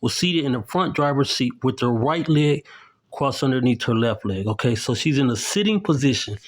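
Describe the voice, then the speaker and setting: A man's voice: medium pitch, expressive, normal speed. A middle-aged man giving emphatic, accusatory commentary to camera, walking through documents and often asking "okay?". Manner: indignant, accusatory, keeps tagging "okay?"; explains while showing documents to the camera. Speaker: independent video commentator.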